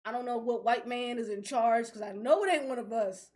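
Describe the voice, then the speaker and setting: Brief: young woman, high voice, animated profane rants, podcast co-host. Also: a little fast. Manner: animated, ranting, laughs often, profane. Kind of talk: casual podcast chat.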